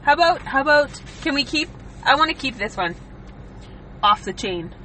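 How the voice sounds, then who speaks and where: Casting note: a high, bright woman in her forties, giggly co-host banter. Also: expressive, a little hiss or hum, low-quality recording. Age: 40s. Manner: giggly, playful, quick to laugh. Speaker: podcast co-host. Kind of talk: casual chat.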